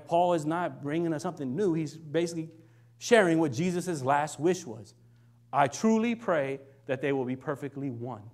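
A man's voice: a little high, darkish tone. A young adult man giving a conversational sermon as a minister, often checking in with "right?" and acting out quoted lines. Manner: conversational, keeps asking "right?"; acts out quoted lines in shifting voices.

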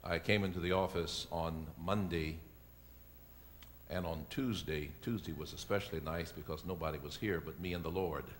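A man, a pastor, delivering a sermon and building to loud, emphatic preaching. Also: low-pitched, fairly even intonation, normal speed, a little hiss or hum.

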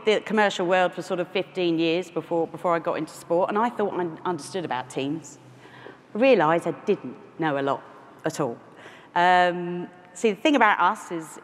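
A woman in her forties from London, with a London accent, giving a conference keynote full of self-deprecating asides and restarts. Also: fairly low pitch. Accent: London English. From London, England. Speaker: keynote speaker. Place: large conference hall. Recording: echoey hall with faint noise.

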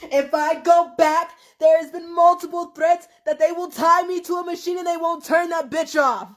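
High-voiced woman, exhausted, laughing through tears. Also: fairly even intonation, normal speed. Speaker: livestreamer. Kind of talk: raw emotional livestream rant.

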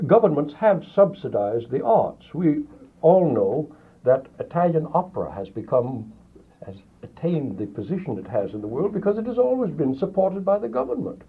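A man in a radio studio tells his anecdotes with a lot of swing in his pitch. He plays each person in his stories himself. The recording is a narrow, husky 1950s radio archive. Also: normal speed. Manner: lively anecdotal storyteller, acts out quoted dialogue. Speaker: guest artist. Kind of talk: radio interview, storytelling.

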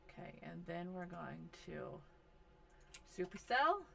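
A woman giving casual commentary over a life-simulation game, talking slowly and bossing her characters around in exasperation. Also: lowish voice, animated, creaky, fairly bright tone. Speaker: gaming video host.

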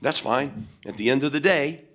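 A man's voice: medium pitch, moderate pace, fairly bright tone. A man, a head football coach, answering questions at a post-game press conference in a blunt, emphatic way, with many fillers.

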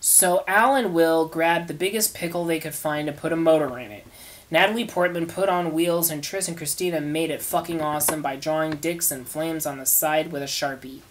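A woman reads a crude parody story aloud in a flat, deadpan way, letting the nonsense speak for itself. Her voice sits a little low. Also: moderate pace, slight background noise. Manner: deadpan reading of absurd crude text. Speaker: fanfiction reader. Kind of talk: comic story reading.

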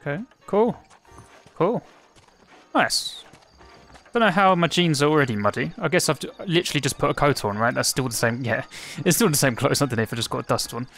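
A man's voice: fairly high pitch, expressive, fairly quick, fairly bright tone. A man giving casual let's play commentary, chatty and musing, with hesitant restarts.

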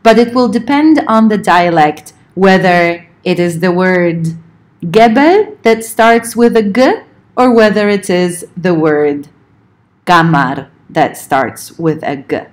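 A woman lecturing on linguistics, explaining points in a measured way and slowing down to spell out examples. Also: on the low side, lively intonation. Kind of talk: recorded lecture.

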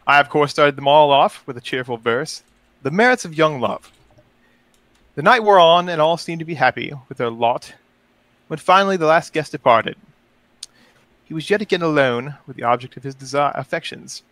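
A courtly elf lord, pompous and lovesick, telling his tale in flowery role-play narration, as a man reads it aloud. The voice is bright and forceful, and it sounds close and dry. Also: on the high side, expressive, normal speed, dry recording. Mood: wistful.

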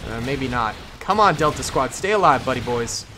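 A man hosting a gaming channel, giving casual commentary on a strategy game and reacting out loud to the action as he plans. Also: mid-range voice, normal speed, noisy background. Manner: excitable, reacts aloud to the action, casual slang; thinks aloud with fillers while planning.

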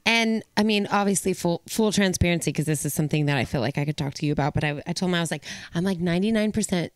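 A woman's voice: lowish voice, fairly even intonation, rapid-fire, no echo. A woman hosting a podcast in casual chat, telling stories and acting out what other people said. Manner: chatty, acts out quotes from others. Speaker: podcast host.

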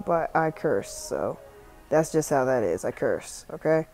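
A young woman with a Southern accent and a notably deep voice talks through a phone tutorial. Her delivery is loose, rambling and full of cursing, recorded on a phone mic with faint music underneath. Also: sing-song, takes it slowly, a little mellow. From South Carolina. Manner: rambling, profane, chatty. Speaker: tutorial vlogger and music artist. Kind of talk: casual screen-recording voiceover. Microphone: phone microphone.

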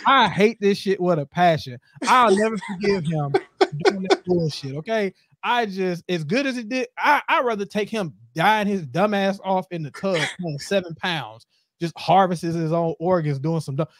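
A man hosting a podcast, ranting in casual chat, animated and heavy with profanity. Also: high-pitched, moderate pace, dry recording. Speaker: podcast host.

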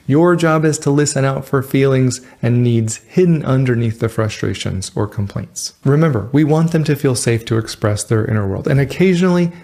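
Man, relationship advice host, earnest and instructive, gravelly, mid pitch. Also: moderate pace, few pauses, darkish tone. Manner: earnest, instructive, direct to viewer. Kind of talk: scripted advice talk to camera.

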